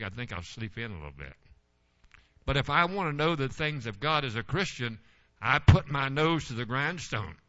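An older man preaching a sermon as pastor, telling folksy stories and rising into forceful exhortation. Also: fairly low pitch, lo-fi sound.

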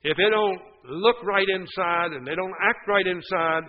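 An older man with a drawl preaches in a folksy, emphatic way, pressing his listeners with question after question. His voice sits fairly high for a man. The recording is dull and lo-fi. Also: measured pace. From West Virginia. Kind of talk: sermon.

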